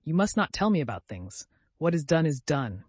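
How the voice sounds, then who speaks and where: A man's voice: fairly high pitch, very animated, moderate pace, a little mellow, dry recording. A man reading the part of a young man who is cold, bored and self-absorbed, speaking in a languid, dismissive way.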